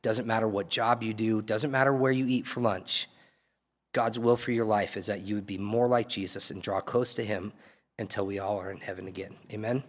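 A man's voice: lowish voice, fairly even intonation, normal speed. A man preaching a sermon as pastor, earnest and pleading, building to emphatic peaks. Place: church hall. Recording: long reverb of a church hall.

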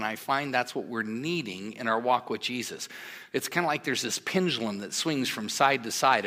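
A man's voice: mid-range voice, a bit bright. A man preaching a sermon, earnest and emphatic, with conversational asides to the congregation. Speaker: pastor.

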